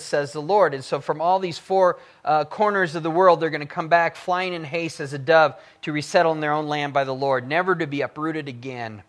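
A man teaching the Bible verse by verse, reading passages aloud with fervor and swinging between loud emphasis and quiet asides. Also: on the high side, fairly even intonation, a little fast, few pauses. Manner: reads scripture aloud with fervor.

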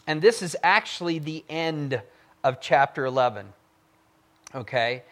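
A man teaching the Bible verse by verse, reading passages aloud with fervor and swinging between loud emphasis and quiet asides. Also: fairly high pitch, a little slow. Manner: reads scripture aloud with fervor.

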